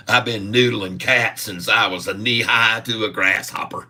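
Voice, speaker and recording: A man's voice: on the low side, steady tone, measured pace, pushed and bright, full character voice. A man putting on a rowdy, folksy redneck character with a Southern accent, laughing between lines. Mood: boisterous. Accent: American Southern, put on.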